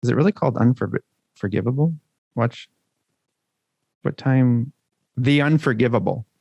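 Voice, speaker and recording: A man co-hosts a podcast in easy, joking banter, with plenty of swearing. His voice sits at an ordinary middle pitch, and the close mic leaves the sound dry. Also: unhurried, creaky, a little mellow, no room sound. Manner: chatty, joking, swears freely. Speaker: podcast co-host.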